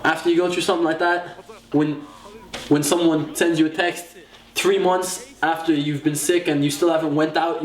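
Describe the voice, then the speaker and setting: A young man talks casually and rambles with lots of fillers in a documentary interview about his sport. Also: on the high side. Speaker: freestyle footballer. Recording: roomy echo.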